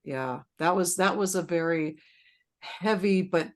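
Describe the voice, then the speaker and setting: A woman's voice: on the low side, a little slow. A woman hosting a support group session, chatting casually, rambling with frequent fillers and restarts.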